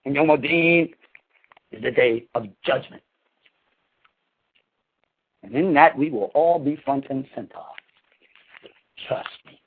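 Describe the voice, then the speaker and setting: Man, preaching, scolding, emphatic, slangy, cursing, mid pitch, tinny phone-like sound. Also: measured pace, long pauses, slightly rough. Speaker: spiritual leader. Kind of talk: preaching address to followers.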